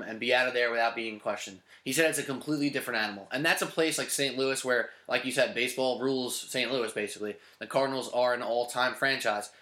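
A man's voice: mid-range voice, bright, forceful tone. A man co-hosting a casual sports podcast, chatty and teasing, laughing often. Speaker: podcast co-host. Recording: roomy echo.

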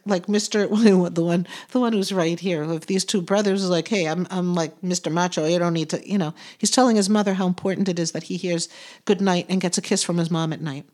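A woman's voice: mid-range voice, darkish tone. A middle-aged woman hosting a spiritual podcast, talking in an earnest, soothing way, laughing often and trailing off as she searches for words. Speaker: podcast host and medium.

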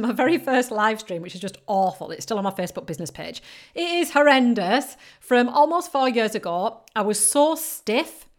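A woman with a northern English accent talks straight to her listeners as a business coach on her own podcast. Her voice sits a little high, and she sounds earnest and encouraging. She sometimes acts out the excuses her clients give her. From northern England. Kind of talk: solo podcast monologue.

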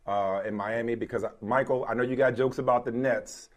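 A man's voice: mid-range voice, steady tone, brisk, background noise. Playful male sports show host. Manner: playful, laughing, stammering.

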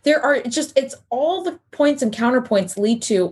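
A woman co-hosts a podcast in easygoing, excited chat. Her voice sits a bit high with a husky edge, and she drops the odd swear word casually. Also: moderate pace. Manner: chatty, enthusiastic, swears casually. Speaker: podcast co-host.

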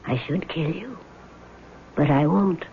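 An actress playing a vengeful female ghost in a 1970s radio drama, speaking slowly and sometimes whispering. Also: deep voice, animated, full character voice. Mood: cold, menacing. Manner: slow, measured, sometimes whispering. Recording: tinny old radio broadcast with faint hiss.

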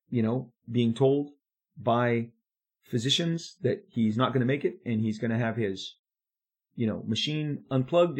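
A middle-aged man, a comic book artist, recounting his career in an animated, confiding monologue with frequent restarts. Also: mid-range voice, slightly rough. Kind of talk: storytelling monologue.

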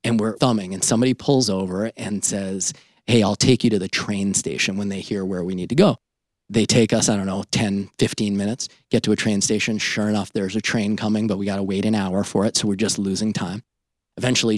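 A middle-aged man with a slightly low voice recounts a story on a podcast, tossing in "right?" as he goes. His voice sits close and dry on the microphone, with no room sound around it. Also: brisk, no room sound. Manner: lively anecdote-telling, often adds "right?". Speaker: entrepreneur and podcast host being interviewed.

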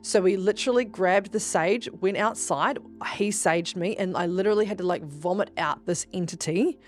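A woman hosting a podcast, telling spiritual stories in a casual, animated way, swearing freely and speaking straight to her listeners. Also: lowish voice, moderate pace, faint music behind. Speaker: podcast host.

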